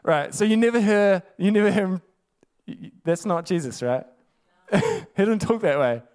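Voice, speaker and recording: Male preacher, casual sermon, frequent laughter, fairly high voice. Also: expressive, normal speed, darkish tone, smooth. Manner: chatty, laughing often, rhetorical asides.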